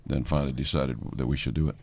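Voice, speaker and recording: An older man speaking earnestly as a guest on a radio interview. His voice is extremely deep, and it sounds dry and close, with no room echo. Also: fairly even intonation, fast, darkish tone. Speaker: aviation company CEO guest.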